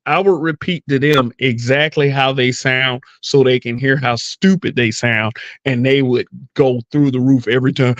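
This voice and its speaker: A man's voice: medium pitch, steady tone, normal speed, no echo, muffled recording. A man hosting a podcast in casual chat, blunt and profane, often mimicking other people's voices. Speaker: podcast host.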